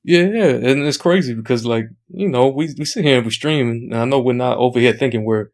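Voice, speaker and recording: A man guest on a podcast, telling a video game story in a casual, excited way, acting out what others said and swearing mildly. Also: medium pitch, fairly quick. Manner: excited storyteller, acts out quoted chat, mild swearing.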